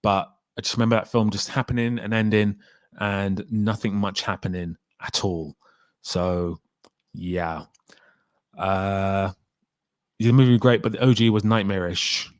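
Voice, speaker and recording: A man hosting a casual live stream, reading out viewer comments in a lively, excitable way and swearing freely. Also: lowish voice, a little slow, no room sound, studio quality.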